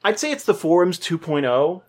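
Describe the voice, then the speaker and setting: Lively, lower-voiced woman reading listener mail. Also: moderate pace. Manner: chatty, with many fillers and asides while reading. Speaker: podcast co-host. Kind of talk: casual chat, reading listener email aloud.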